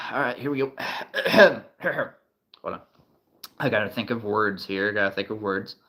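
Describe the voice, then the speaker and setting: A man with a slightly low, fairly bright voice speaks a little slowly as he hosts a casual livestream from a relative's house. He rambles and chuckles between remarks in relaxed live-stream chat.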